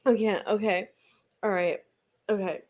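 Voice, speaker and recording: A woman's voice: mid-range voice, steady tone, a little slow, a little mellow. A woman hosting a read-along livestream, chatting casually, rambling with lots of fillers and frequent giggles. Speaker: booktube host.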